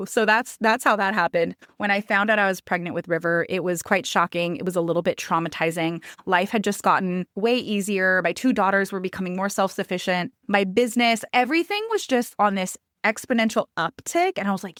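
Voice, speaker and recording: Woman, thirties, podcast host; candid storyteller who acts out dialogue, mid-pitched, dry close sound. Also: brisk, dry recording. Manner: animated, acts out quotes with raised pitch; candid, conversational. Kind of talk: personal storytelling monologue.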